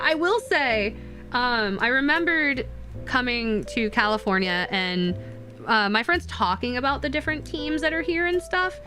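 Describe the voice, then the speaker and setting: A young woman streaming while doing a craft, chatting casually with her viewers and getting excited easily. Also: a little high.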